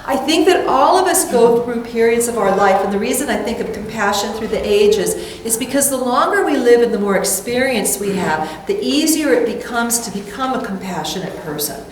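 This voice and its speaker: A woman's voice: a little high, animated, a little fast, few pauses, slight background noise. A middle-aged woman giving a sermon as a minister, telling stories and acting out her own self-talk with light laughter. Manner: warm storytelling with playful acted-out self-talk and laughter. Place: church hall. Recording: echoey hall from far off.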